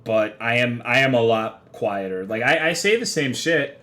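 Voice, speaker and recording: With a fairly bright, expressive mid-range voice and a moderate pace, a young streamer talks casually to his audience in a rambling, profane, self-mocking way.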